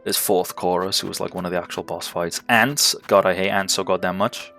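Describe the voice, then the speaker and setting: A man's voice: deep voice, fairly even intonation, fairly quick, gravelly, pushed and bright. A man giving casual, joking gameplay commentary on a stream, swearing and laughing as he talks. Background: faint game music.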